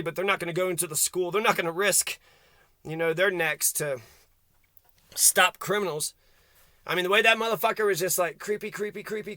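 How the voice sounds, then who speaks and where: A man's voice: high voice, bright, forceful tone, dry recording. A man ranting angrily to camera outdoors, swearing constantly and rambling as he vents. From Kentucky. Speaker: vlogger. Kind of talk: angry profane rant to camera.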